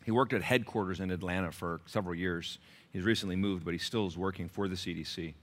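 A male pastor preaching a sermon, telling stories with lively swings from shouts to hushed whispers. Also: sits low, fast.

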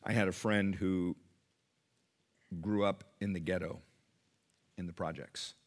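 A middle-aged man preaching a sermon to his church, emphatic and swinging from quiet to loud. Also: deep voice, steady tone, a little slow. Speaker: pastor.

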